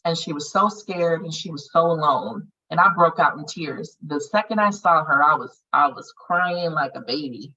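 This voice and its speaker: A woman with a low, bright and forceful voice guides a healing circle in casual, earthy talk with frequent swearing. She sounds distant from the mic, and the audio is dull and lo-fi. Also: normal speed, few pauses, breathy edge. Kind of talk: casual group guidance on meditation.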